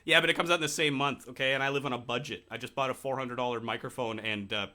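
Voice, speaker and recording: A man's voice: medium pitch, fairly even intonation, quick pace, pushed and bright. A young man co-hosting a podcast, chatting casually in a laid-back, joking, profane way. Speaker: podcast co-host. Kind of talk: casual chat.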